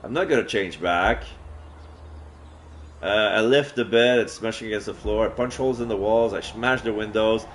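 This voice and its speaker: A man streaming a solo roleplay game, narrating in first person and breaking off with excited, swearing outbursts. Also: fairly low pitch, normal speed, slight background noise.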